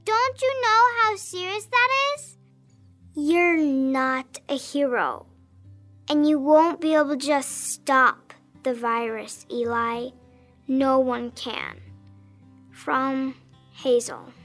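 A woman's voice: sits high, fairly even intonation, slow, soft background music. A woman playing an anxious young girl who writes earnest letters to her best friend in an audio drama. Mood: upset. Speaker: letter-writing child character.

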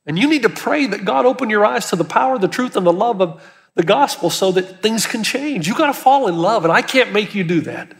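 A man's voice: high voice, expressive, a little fast. A male pastor preaching an earnest, emphatic sermon, lifting his voice on key words. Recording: long hall reverb.

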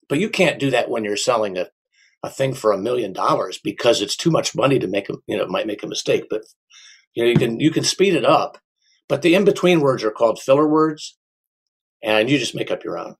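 A middle-aged man, an auctioneer, answering interview questions in an unhurried way, sometimes slipping into a rhythmic auction chant. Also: mid-range voice, animated, slightly rough. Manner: unhurried, with restarts and a sing-song auction chant demo. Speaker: auctioneer and small business owner.

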